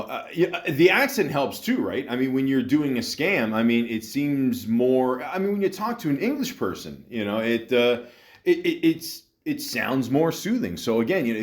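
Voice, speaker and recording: In a mid-range voice, a male podcast host rants bluntly through casual commentary. He swears and often stops to fill pauses.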